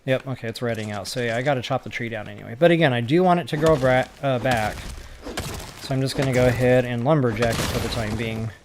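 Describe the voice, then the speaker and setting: A man's voice: medium pitch, steady tone, fast, noisy background. Chatty man thinking aloud while gaming. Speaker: gaming tutorial creator. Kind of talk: casual gameplay commentary.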